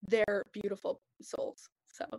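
A woman's voice: mid-range voice, flat delivery, measured pace, darkish tone, no room sound, low-quality recording. A young woman in a podcast group discussion, talking earnestly and rambling with lots of fillers. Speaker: podcast participant.

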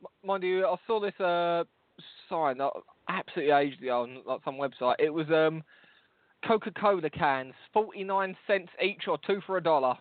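On a dry, tinny line that sounds like a phone, a male podcast co-host with a London accent rambles in casual banter, swearing and teasing. His pitch sits on the high side and he talks at normal speed.

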